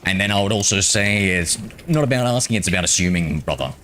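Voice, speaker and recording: A man's voice: fairly low pitch, fast talker, a bit bright. A young Australian man streaming a shooter game, answering his chat with mocking sarcasm. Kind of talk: live gaming stream chat. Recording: game noise in the background. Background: game sounds and vehicles.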